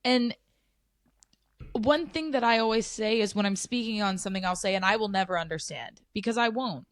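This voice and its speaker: A woman's voice: medium pitch, brisk, no echo. A woman co-hosting a podcast, speaking earnestly and with passion in casual chat. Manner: earnest, impassioned, agrees often. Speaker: podcast co-host.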